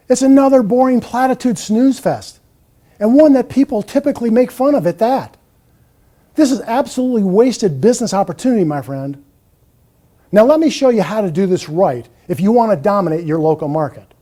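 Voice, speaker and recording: A man presents a scripted marketing lesson, emphatic and a little mocking. His voice sits high and moves a lot. The tone stays mellow. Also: expressive, brisk.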